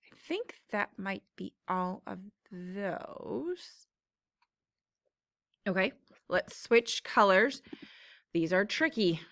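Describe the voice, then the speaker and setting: A woman's voice: medium pitch, lively intonation, fairly bright tone, no room sound. A woman teacher patiently explaining syllable patterns in a classroom phonics lesson. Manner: slow, patient explaining with drawn-out words.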